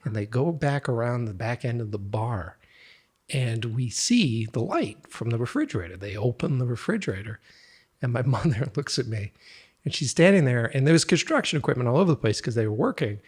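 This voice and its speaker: A man with a husky, breathy voice, a guest on a podcast, spinning a family story with lots of energy and frequent laughter. His pitch sits in an ordinary middle range. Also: a little fast. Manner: animated, laughing anecdote telling. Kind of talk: casual storytelling.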